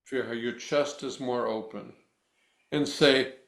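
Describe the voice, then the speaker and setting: A man working as a voice coach, guiding a breathing exercise with slow, deliberate, instructive cues and then answering interview questions. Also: mid-range voice, reverberant.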